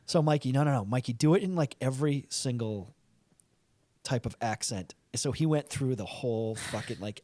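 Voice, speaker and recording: A man hosting a podcast in casual, animated chat, swearing freely. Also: medium pitch, normal speed, dry recording. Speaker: podcast host.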